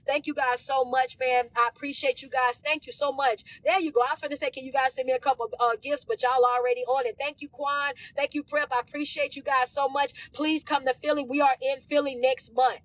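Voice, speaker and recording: High-pitched woman, motivational speaker, energetic livestream chat, slangy shout-outs. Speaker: motivational speaker and life coach. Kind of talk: livestream chat thanking viewers.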